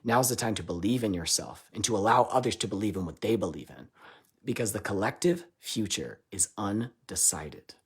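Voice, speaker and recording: Husky, low-pitched man; live spiritual channeler, irreverent and laughing, booming lines and muttered asides. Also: lively intonation, brisk. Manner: loose and irreverent, swearing and laughing between lines; swings between loud declarations and quiet asides.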